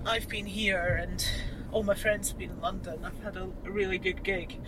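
A woman from Scotland, a passenger chatting casually and warmly, with a self-deprecating edge. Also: medium pitch, fairly even intonation, moderate pace, crowd noise, poor audio. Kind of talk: casual chat. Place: inside a car. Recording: car recording with road noise.

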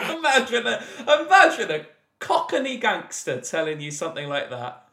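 A man running a comedy quiz on a podcast, teasing his friend and breaking into laughter. His voice sits a little high and bright, and it swings up and down a lot as he talks at an unhurried pace. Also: huge pitch swings, vocal fry. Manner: teasing, laughs often while asking. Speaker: podcast co-host and quiz master. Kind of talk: casual comedic quiz banter.

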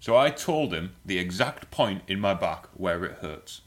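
A man's voice: low-pitched, lively intonation, measured pace, fairly bright tone. A man co-hosting a podcast, telling a rambling, comic story with swearing and frequent laughs. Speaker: podcast co-host. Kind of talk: casual comedic chat.

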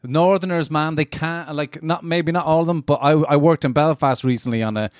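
A man's voice: a little high, brisk, no room sound, studio quality. A man with a Cork accent, chatting casually as a podcast guest. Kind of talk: casual chat.

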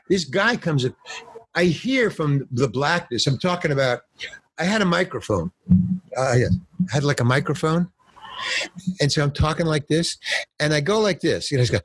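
A man's voice: fairly high pitch, slightly rough, no echo. An older man, an actor and stand-up comedian, telling stories in a casual interview and acting out the voices in them. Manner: animated storyteller acting out voices. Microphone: phone or remote call.

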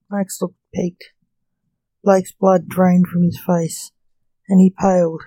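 A storyteller reading a story aloud in a slow, even way. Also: mid-range voice, no echo.

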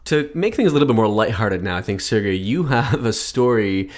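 A man co-hosting a podcast, giving earnest advice in a steady manner with dry quips. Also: lowish voice, fairly quick. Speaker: podcast co-host. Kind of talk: advice talk and casual chat.

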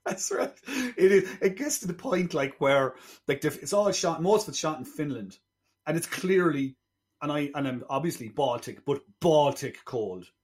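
A man's voice: a little high, expressive, moderate pace, a little mellow. A man co-hosting a film podcast, rambling through a plot retelling in casual review chat.

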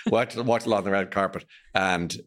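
A middle-aged Irish man and radio presenter, chatting in an interview and acting out quotes in animated, raised voices. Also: deep voice, normal speed. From Ireland. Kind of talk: casual conversational interview.

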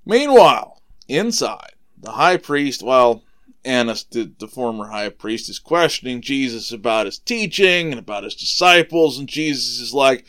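Man, relaxed storytelling for kids, lively pitch, smooth clear voice. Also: unhurried. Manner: relaxed, conversational, explains things simply. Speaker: podcast host retelling Bible stories for kids. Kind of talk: casual storytelling for children.

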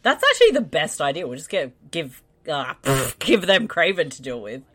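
A man's voice: on the high side, sing-song, moderate pace, crowd noise. A man co-hosting a casual movie watch-along podcast, joking and laughing often. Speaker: podcast co-host.

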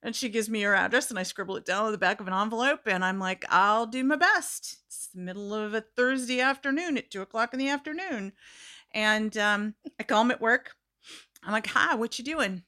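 Woman guest storyteller, bright edge to the voice, lively and theatrical in conversation. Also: a little high, fairly quick. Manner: animated, acts out quoted voices, laughs often. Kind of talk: casual storytelling chat.

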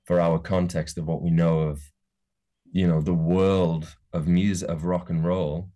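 A deep-voiced man with a soft Geordie accent, chatting as an interview guest. His tone is dark and relaxed, and he rambles, restarting sentences as he thinks aloud. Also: a little slow. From Newcastle, England. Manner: rambling, many restarts and hedges. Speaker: musician guest. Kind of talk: casual interview chat.

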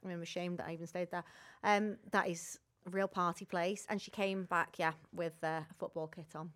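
A woman's voice: fairly low pitch, steady tone, fairly quick. Chatty young woman podcast host. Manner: chatty, cheeky, trails off to quiet asides. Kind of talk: casual chat, storytelling.

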